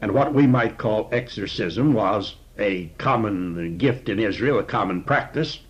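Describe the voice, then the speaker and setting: Lo-fi, husky male Bible teacher. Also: lowish voice. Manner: measured, conversational teaching with frequent fillers. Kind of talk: sermon. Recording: dull lo-fi recording.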